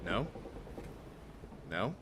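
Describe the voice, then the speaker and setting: A man streaming a horror game, chatting casually with his viewers and reacting with quick laughs. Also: background noise. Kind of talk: casual gameplay commentary.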